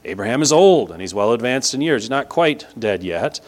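A man's voice: mid-range voice, sing-song, fairly quick. A man teaching a casual Bible lesson from a map. He talks in a conversational way, often checks in with "right?" and leans on key words for emphasis.

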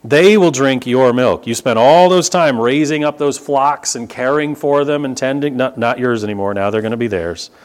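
A man's voice: medium pitch, normal speed, few pauses. A man from the United States preaching a conversational Bible sermon, explaining with casual asides and rising emphasis. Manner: conversational teaching with asides and humor. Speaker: pastor.

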